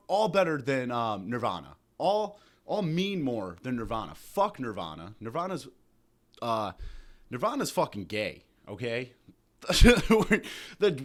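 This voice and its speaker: Profane man in a lively comedy rant. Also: on the high side. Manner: loud, profane, mock-outraged ranting with exaggerated impressions. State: hungover. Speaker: comedy podcast host.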